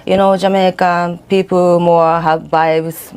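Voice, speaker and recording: A woman answering interview questions in halting, non-native English. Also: on the low side, flat delivery, darkish tone, clean tone.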